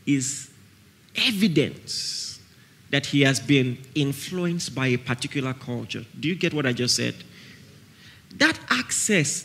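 A man with a Nigerian accent preaches a sermon at a camp meeting, his voice a little high, pushed, bright, and husky. He is emphatic, repeats key phrases, and keeps asking listeners whether they follow him.

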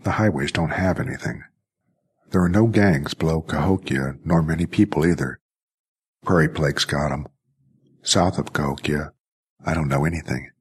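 A man voicing a scrappy, streetwise boy who talks quick and blunt, with a husky voice. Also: extremely low pitch. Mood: urgent.

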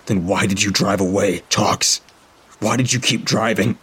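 A man's voice: on the low side, steady tone, normal speed, breathy edge. A man doing a furious chained prisoner. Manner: shouting, furious. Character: angry desperate male prisoner chained to a comrade.

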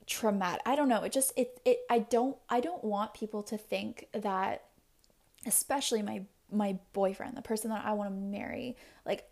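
Candid young woman with a gravelly edge. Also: mid-range voice, a little mellow. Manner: open and confessional, rambling with many "like" fillers. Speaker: podcast host. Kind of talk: candid solo podcast talk.

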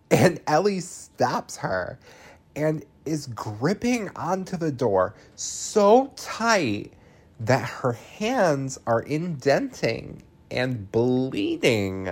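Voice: medium pitch, a little mellow. A podcast host casually recapping a film, chatty and loose, full of fillers, laughing and swearing freely.

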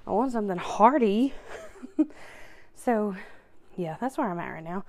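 A woman's voice: medium pitch, animated, a little slow, a little mellow, no echo. A young woman, out of breath, chatting casually on her podcast while tidying, laughing often and poking fun at herself. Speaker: podcast host.

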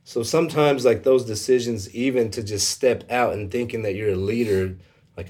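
A man telling a personal faith story in a casual conversation, emotional and halting, with many fillers. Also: fairly low pitch, darkish tone.

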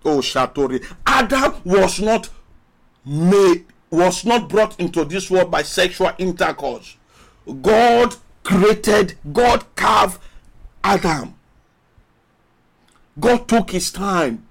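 A male pastor preaching a sermon emphatically, repeating phrases and drawing out his words between pauses. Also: sits high, animated, creaky. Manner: emphatic preaching with long pauses and rising calls.

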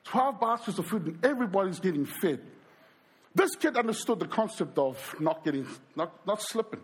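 High, animated, husky-voiced male preacher. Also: moderate pace. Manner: animated storyteller who acts out quoted voices and addresses the crowd. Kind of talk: storytelling sermon.

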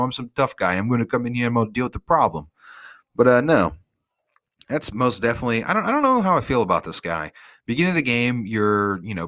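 A man's voice: lowish voice, a bit bright, no room sound. A man hosting a podcast, talking through a video game in a casual, rambling way with lots of fillers, from his home studio. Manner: rambling, with many fillers and asides. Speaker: podcast host. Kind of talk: casual gaming recap.

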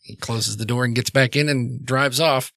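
A man's voice: medium pitch, steady tone, moderate pace, gravelly, a bit bright, no room sound. A man narrating as game master in a casual, rambling way, with many fillers.

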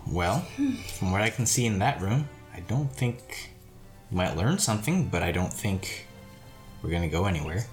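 A man's voice: low voice, lively intonation, moderate pace, faint music behind. A man playing a tabletop game, describing things in hesitant, searching phrases. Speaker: player. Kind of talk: casual tabletop play.

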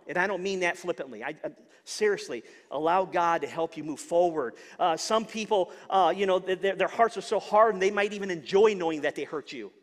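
Male pastor, higher voice, earnest sermon delivery with stumbles and repeats, long hall reverb. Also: a bit bright. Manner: earnest, repeats words when searching for them.

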